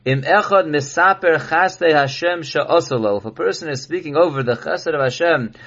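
A man with a somewhat high voice teaches a Torah class. He reads lines of Hebrew text and explains each one in English. The recording sounds dull and lo-fi. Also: normal speed, a bit bright. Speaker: rabbi teaching halacha.

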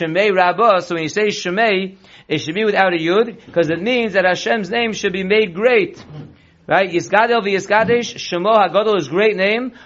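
A rabbi teaching a text-based Torah class, reading Hebrew and Aramaic slowly, then explaining it quickly in English. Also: male voice, high-pitched. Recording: dull lo-fi recording.

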